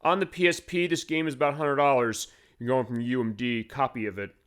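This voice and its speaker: A man's voice: mid-range voice, fairly even intonation, a little fast, fairly bright tone, clean tone. A man hosting a retro game show, explaining in a rambling voice-over full of fillers. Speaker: game stream host.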